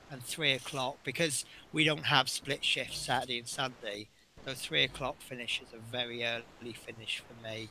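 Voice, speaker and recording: A man's voice: medium pitch, fairly even intonation, moderate pace, bright, forceful tone, slight background noise. A middle-aged man, a bus driver, chatting casually and telling rambling work stories with frequent chuckles while building a model. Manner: rambling and anecdotal, chuckling often.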